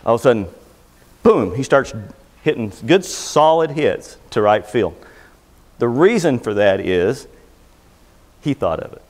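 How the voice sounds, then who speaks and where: A middle-aged man addresses a live seminar audience in a relaxed, folksy way, mixing jokes and stories into his advice. His voice sits in the middle range for a man. The room has a long, lingering reverb, like a meeting hall. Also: medium pitch, measured pace, long pauses. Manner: folksy, joking, conversational storyteller. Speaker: seminar speaker. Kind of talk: motivational seminar talk.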